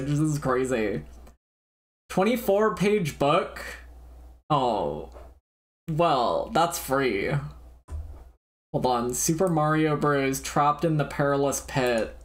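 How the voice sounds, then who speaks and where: A livestreamer chatting casually while browsing the web, rambling and easily distracted, laughing often and swearing now and then. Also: medium pitch.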